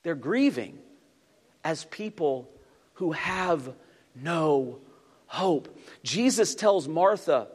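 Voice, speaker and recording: Man, pastor, lively sermon delivery with audience call-outs, high voice, long hall reverb. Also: extremely slow, long pauses, breathy edge. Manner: animated, asks the audience to respond.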